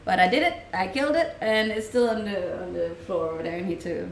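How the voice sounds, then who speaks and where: A woman's voice: mid-range voice, fairly quick, vocal fry, slight background noise. A young woman from Denmark with a Danish accent, chatting casually on a live stream and answering viewers' questions, laughing often. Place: room at home, streaming. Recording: roomy home-mic sound.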